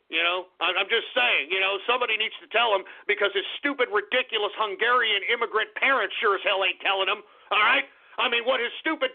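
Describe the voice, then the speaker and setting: Gravelly high-voiced ranting radio host man. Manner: abrasive, ranting, bursts into shouting. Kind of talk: talk radio rant. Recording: narrow phone-like radio audio.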